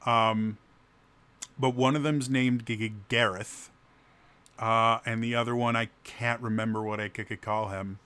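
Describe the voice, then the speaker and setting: Casual game master, man, bright tone, heavy stutter on repeated sounds. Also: medium pitch, steady tone, measured pace, smooth. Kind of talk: casual answers to a video questionnaire.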